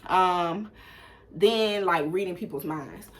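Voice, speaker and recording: A young woman with an Atlanta accent, telling a story in casual vlog style, animated and swearing freely. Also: takes it slowly. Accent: Southern US, Atlanta. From Atlanta, USA. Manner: animated, swearing, acts out quoted people in sudden loud high bursts. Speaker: vlogger.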